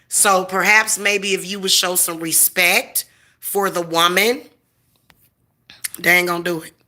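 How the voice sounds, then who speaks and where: A woman's voice: fairly low pitch, sharp tone. A woman in her forties delivering a profane, confrontational, boastful rant straight to camera. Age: 40s. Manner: boastful, defiant. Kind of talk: ranting monologue to camera.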